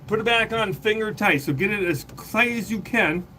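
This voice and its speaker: A woman's voice: medium pitch, normal speed, sharp tone, slight background noise. A woman hosting a casual livestream, coaching a viewer through a home repair and then explaining it plainly. She chats loosely, laughs often and swears casually. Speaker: livestream host answering home repair questions.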